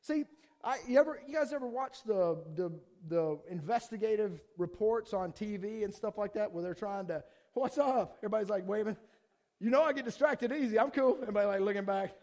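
Casual high-voiced man preaching. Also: a little fast. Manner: casual, animated, acts out voices of people. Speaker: pastor. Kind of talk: sermon.

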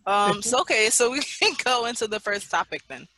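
A man's voice: sits high, lively intonation, brisk, pushed and bright, no echo, poor audio. A man hosting a casual podcast, reading out questions and laughing along with his guests. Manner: reads out prompts, laughs along. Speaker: podcast host.

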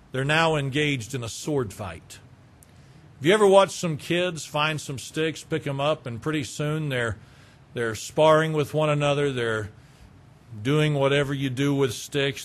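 A man's voice: mid-range voice, a bit bright. A man preaching a sermon as pastor, building with rhetorical questions.

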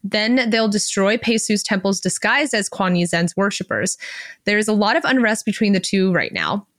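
A woman co-hosting a podcast, retelling chapters of a novel in a casual way and breaking in with excited reactions. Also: medium pitch, normal speed, no echo, studio quality. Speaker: podcast co-host. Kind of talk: casual book recap.

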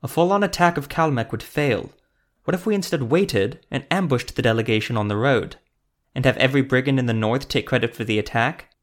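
A man's voice: mid-range voice, a little fast, natural voice. A man voicing a weary, scarred male elf sorcerer who speaks tensely and insistently.

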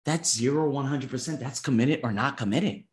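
A man in his thirties reviewing his month in a vlog, emphatic and animated, swearing casually and acting out conversations. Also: medium pitch, a little fast, roomy sound. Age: 30s. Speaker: vlogger.

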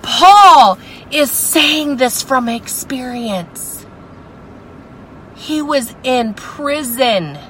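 Passionate woman Bible teacher, bright high voice, unhurried delivery. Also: a little hiss or hum, low-quality recording. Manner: passionate, exclamatory. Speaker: women's Bible study teacher.

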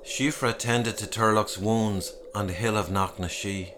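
A man reading a dark fairy tale aloud in a measured, dramatic storytelling style, with music behind him. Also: fairly low pitch, steady tone, background noise. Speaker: narrator. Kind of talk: storytelling narration.

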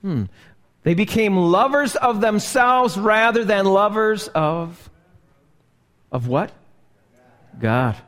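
A man preaching a live sermon as pastor, slow and emphatic, asking the congregation rhetorical questions. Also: sits high, animated, fairly bright tone. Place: church sanctuary. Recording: live church recording with long reverb.

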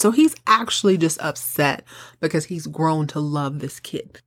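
A woman's voice: deep voice, animated, a little slow, fairly bright tone. Sassy, chatty woman host. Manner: sassy, chatty, wry asides. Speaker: podcast host. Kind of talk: casual soap opera recap.

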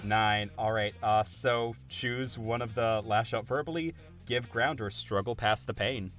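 A man running a tabletop game as game master, unhurried and full of little pauses. His narration comes slowly, with soft music playing underneath. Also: on the low side. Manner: slow, halting, many fillers.

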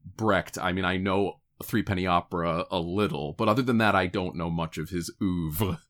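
A man's voice: deep voice, fairly even intonation, normal speed, fairly bright tone. A man co-hosting a podcast, chatting casually in a playful, wry way. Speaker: podcast co-host. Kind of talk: casual chat.

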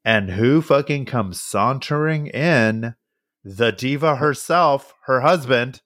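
A man co-hosting a podcast, recapping a film in casual, animated chat. He swears freely and slips into the characters' lines as he tells the story. His voice sits at a middle pitch and sounds dry and close. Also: slow, dry recording. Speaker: podcast co-host.

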